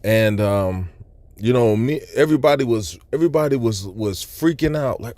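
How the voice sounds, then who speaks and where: A man's voice: mid-range voice, lively intonation, normal speed, a little mellow, dry recording. A man telling a religious testimony about a vision in a loose, rambling, earnest way, with many asides. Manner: loose, rambling storytelling full of "you know" asides. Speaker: person sharing a religious testimony. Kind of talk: personal testimony recounting a vision.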